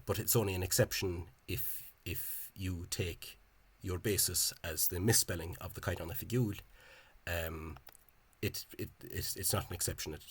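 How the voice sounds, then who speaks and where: Deep husky-voiced man lecturing. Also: a bit bright. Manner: hesitant and halting, with frequent pauses and restarts; opinionated and scornful of the official spelling. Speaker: language enthusiast presenting a video lecture. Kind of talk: informal spoken lecture over on-screen examples.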